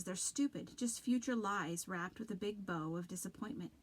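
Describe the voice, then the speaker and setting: A woman's voice: medium pitch, normal speed, few pauses, slight background noise, poor audio. Woman reading a children's book aloud. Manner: dramatic, expressive narration.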